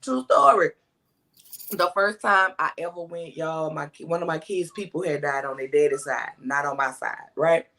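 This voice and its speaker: New Orleans woman panelist, folksy animated storyteller, casual chat. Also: deep voice, normal speed.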